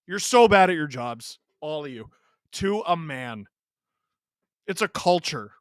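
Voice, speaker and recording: Hockey streamer guy, high bright voice, ranting and heckling the refs, dry close sound. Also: unhurried, no echo. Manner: excitable, ranting at the referees; sarcastic, heckling. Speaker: streamer hosting a live hockey watch-along. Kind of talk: live play-by-play reaction.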